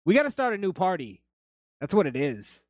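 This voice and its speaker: Male podcast host, slightly raised pitch, casual and profane, dry close mic. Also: big pitch swings, fairly quick, no echo. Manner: blunt, swears freely, rambling anecdotes. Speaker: podcast host reading chat.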